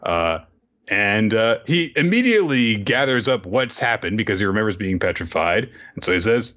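A man casually recapping a story chapter, animated, quoting the characters in goofy voices. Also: lowish voice, moderate pace. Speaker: podcast co-host. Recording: dull lo-fi audio.

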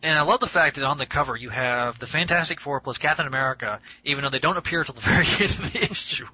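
A man co-hosting a casual podcast, enthusiastic and quick to laugh. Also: a little high, bright, forceful tone, breathy edge, dry recording, lo-fi sound. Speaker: podcast co-host.

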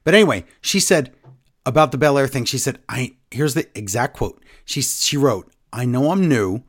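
A man co-hosting a wrestling podcast in casual chat, animated and rattling off news in quick bursts. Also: mid-range voice, slightly rough. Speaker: podcast co-host.

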